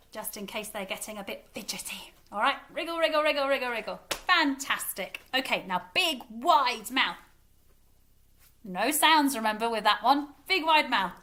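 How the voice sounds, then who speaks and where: A high, bright-toned woman with an English accent, leading children through warm-ups and songs. She talks in a cheerful, encouraging singsong, calling out actions and praising often. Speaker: music teacher. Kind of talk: leading a children's singing lesson.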